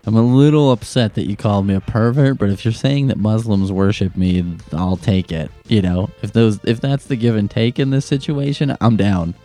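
Comedic advice host, young man, profane deadpan-sarcastic delivery, dark mellow tone. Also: on the low side, moderate pace, hardly any pauses, soft background music.

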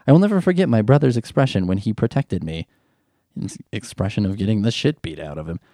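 A man reading a sentimental story aloud and mocking it with sarcastic, deadpan asides. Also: on the low side, fast, no room sound, studio quality. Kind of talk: mocking commentary over a read-aloud story.

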